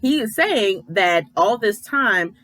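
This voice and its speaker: A woman's voice: mid-range voice, expressive, takes it slowly, fairly bright tone, no room sound, low-quality recording. A woman giving a casual, opinionated recap of a reality show, retelling scenes and quoting people as she goes. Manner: chatty, opinionated, retells scenes with quoted voices. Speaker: editor.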